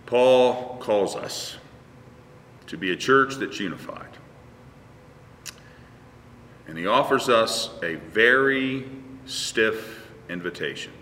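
A man preaches with a lively, swooping voice that has a bright edge. He sounds a little distant from the mic, and his words ring through a reverberant church sanctuary. He slips into quick acted exchanges between a pastor and churchgoers. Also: lowish voice, slight background noise. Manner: conversational preacher acting out dialogues. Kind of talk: sermon.

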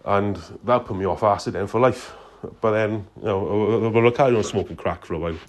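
A man with a deep, very low voice tells a meandering phone-in story. He drops swear words into almost every phrase, loose and unhurried. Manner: profane, swears constantly. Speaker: caller.

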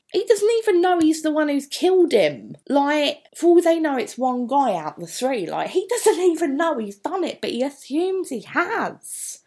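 A woman's voice: fairly high pitch, mellow. A woman teaching English poetry, chatty and thinking aloud with many asides. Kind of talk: poetry analysis lesson.

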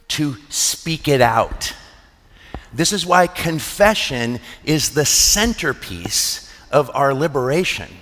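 A man's voice: mid-range voice, fairly bright tone. Man, pastor, sermon, earnest and conversational, middle-aged, echoing church hall. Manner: earnest, conversational storytelling with restarts. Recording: long hall reverb.

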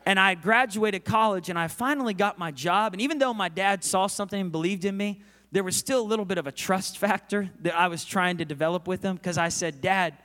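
A man's voice: high-pitched, fairly quick. Impassioned preacher man in a ringing hall. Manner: impassioned storytelling, swinging between loud and hushed. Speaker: guest pastor. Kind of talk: sermon. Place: large church auditorium. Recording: long reverb of a large hall.

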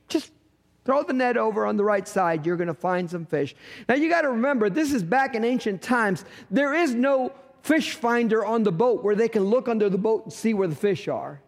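A man's voice: very high voice, animated, moderate pace. A middle-aged male pastor preaching a sermon, telling a story with humor and acting out bits of dialogue. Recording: long hall reverb.

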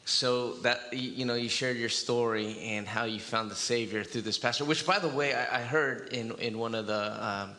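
A man interviewing a guest for a church, responding warmly to his story and tying it to scripture. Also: mid-range voice, normal speed, hardly any pauses. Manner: earnest and affirming, cites scripture.

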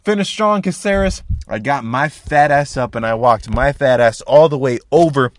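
Profane, animated young man telling a story. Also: moderate pace, slight background noise. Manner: animated, profane, repeats sound effects like boom and bang. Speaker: podcast host. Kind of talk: casual comedic storytelling.

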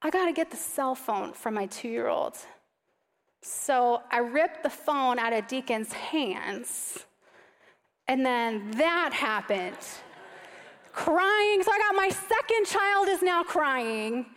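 Woman in her 30s telling a funny family story in a sermon, high voice, lots of hall reverb. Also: takes it slowly. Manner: animated, self-mocking storytelling. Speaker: speaker giving a sermon. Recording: long reverb of a large hall.

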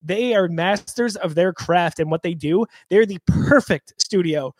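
A man's voice: high voice, measured pace, a little hiss or hum. An enthusiastic man co-hosting a casual gaming podcast, talking upbeat about a new movie. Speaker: podcast co-host.

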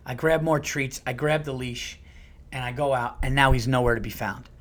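A man in his thirties or forties hosting a podcast, telling a story in a casual, profane, animated way and acting out quotes with sudden jumps in pitch and loudness. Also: moderate pace. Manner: profane and conversational. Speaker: podcast host.

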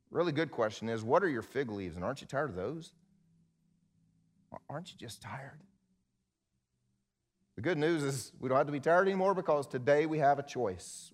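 A male pastor preaching a sermon in an animated way, acting out quoted voices, then leading a prayer. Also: mid-range voice.

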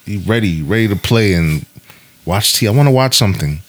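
A man's voice: on the low side, lively intonation, brisk. A man hosting a podcast, bantering in a laid-back, slangy way with friends. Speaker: podcast host. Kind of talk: casual chat.

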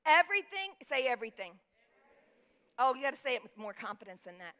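A woman preacher with a high voice delivers an emphatic sermon. Her tone is bright and forceful as she reads scripture and prompts the congregation to repeat key words. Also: sing-song, a little fast. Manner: emphatic, calls for congregation responses.

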